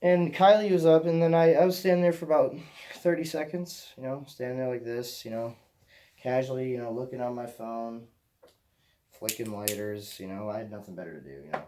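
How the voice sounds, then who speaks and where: A man's voice: medium pitch, steady tone, brisk, dark tone. A young man from Michigan telling a rambling personal story as a vlogger, swearing casually and often repeating himself. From Michigan, USA.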